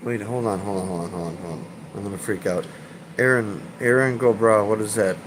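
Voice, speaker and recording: A man in his thirties chatting on a live stream, rambling and swearing, halting with fillers and repeats, emotional and choked up. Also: on the low side, a little hiss or hum, rough recording. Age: 30s. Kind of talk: casual live-stream chat.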